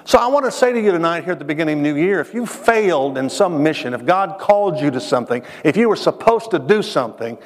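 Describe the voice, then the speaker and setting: A man's voice: a little high, expressive. A man preaching to his congregation in a church, mixing scripture with a personal story, asking the listeners questions and repeating words as he builds to his points. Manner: conversational, addresses the congregation directly with questions; restarts phrases, dramatic pauses. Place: church sanctuary. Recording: reverberant hall sound.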